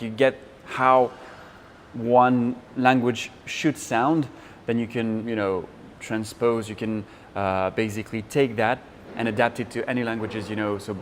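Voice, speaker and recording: A young Frenchman speaks in a fairly low voice, answering interview questions with a French accent. He talks haltingly, with many fillers and restarts. A faint hum of ambience sits behind him. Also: little pitch movement. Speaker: interview guest.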